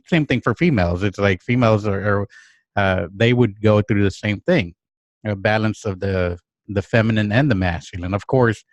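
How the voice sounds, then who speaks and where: Podcast host, male, low and dry, reflective, thinks aloud with restarts. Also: dry recording. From United States. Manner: musing, thinks aloud with restarts and acted-out inner quotes. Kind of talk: casual reflective chat.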